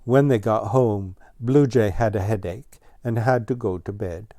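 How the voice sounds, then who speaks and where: A man reading a children's storybook aloud as narrator, in a gentle, even storytelling manner. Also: on the low side, unhurried, no echo, clean studio sound.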